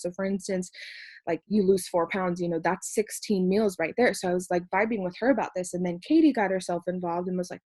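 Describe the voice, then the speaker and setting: A woman's voice: medium pitch, fairly quick, no room sound. Bubbly young woman chatting in a dry room. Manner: bubbly, animated retelling with upbeat voiced quotes. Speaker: co-host. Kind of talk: casual chat.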